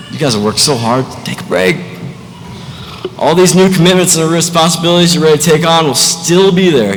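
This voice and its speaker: A young man giving a commencement speech as a student speaker, with a light, joking delivery. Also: mid-range voice. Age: young adult. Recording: echoey hall, faint noise.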